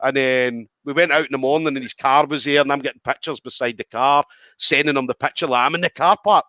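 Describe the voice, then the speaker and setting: A man's voice: mid-range voice, quick pace, dry recording. A man hosting a podcast, telling a story in casual chat and acting out the quoted lines. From Scotland. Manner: animated, acts out quoted lines, swears freely. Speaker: podcast host. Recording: dry, slightly dull audio.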